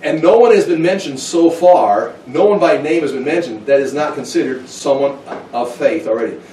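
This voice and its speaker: A man's voice: on the high side, normal speed, mellow, slight background noise. A man teaching a Bible study in an informal, conversational way, now and then acting out short quoted exchanges. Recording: echoey room, mic at a distance.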